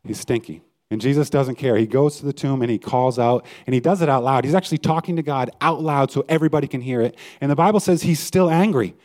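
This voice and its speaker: A man's voice: medium pitch, fast, few pauses, darkish tone. A male pastor giving a conversational sermon and putting questions to his listeners. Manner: conversational preaching, asks the audience questions.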